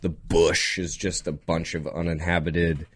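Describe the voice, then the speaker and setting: A young man co-hosting a casual podcast, rambling through topics with quick asides, laughs and a slightly nasal voice. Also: low-pitched, level tone, a little hiss or hum. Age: young adult. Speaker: podcast co-host. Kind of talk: casual chat.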